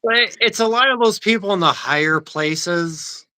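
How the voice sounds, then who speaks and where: Young guy griping about work, bright sharp voice, swears a lot. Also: sits high, measured pace. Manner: ranting, profane, animated. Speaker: machine shop worker. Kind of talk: casual chat.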